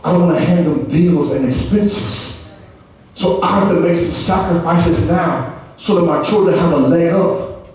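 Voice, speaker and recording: Echoey preaching pastor, high voice. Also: male voice, measured pace. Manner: animated preaching with call-and-response and acted quotes. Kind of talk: sermon. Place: large church hall. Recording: echoey hall, far from mic.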